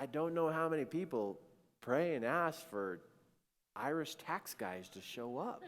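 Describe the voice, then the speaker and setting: Animated, laughing storyteller man. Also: medium pitch. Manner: animated, playful, laughs mid-sentence. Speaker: speaker. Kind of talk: storytelling talk. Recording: echoey hall.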